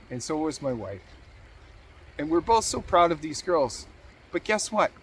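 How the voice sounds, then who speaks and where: A man's voice: fairly high pitch, expressive, moderate pace, a little hiss or hum. A man hosting a motivational talk, earnest and encouraging, repeating key phrases for emphasis. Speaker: podcast host.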